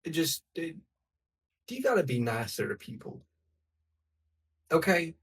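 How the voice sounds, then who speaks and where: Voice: medium pitch, sing-song, unhurried, distant mic. A player speaking in character in a tabletop game, stammering and restarting often. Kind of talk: casual in-character tabletop play.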